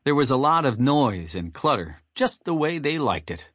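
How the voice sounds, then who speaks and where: A man narrating a children's audiobook in an animated storytelling manner. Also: medium pitch, normal speed, no room sound, studio quality. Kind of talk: scripted narration.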